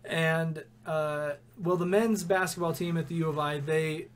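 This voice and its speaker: A man's voice: on the high side, fairly even intonation, unhurried, a little hiss or hum. A young man co-hosting a casual sports podcast, rambling through stories and laughing often. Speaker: podcast co-host.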